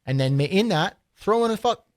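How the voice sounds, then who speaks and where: A man with a Canadian accent, co-hosting a podcast in casual chat and talking in animated bursts. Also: high voice, brisk. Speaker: podcast co-host.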